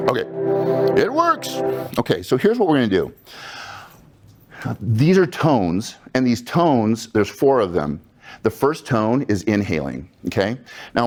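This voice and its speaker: Low-voiced man guiding group breathing. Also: a little mellow. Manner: casual, chatty and upbeat, with asides to the audience. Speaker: breathing workshop leader. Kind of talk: guided breathing instruction to a live group. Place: room with about twenty-five people.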